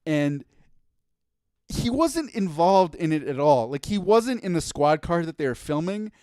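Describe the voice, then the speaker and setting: A man's voice: a little high, measured pace, smooth, dry recording, studio quality. A man, telling a story on a podcast with lots of restarts and laughter. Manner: animated, laughing, stammering restarts. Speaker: podcast co-host. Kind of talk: casual storytelling chat.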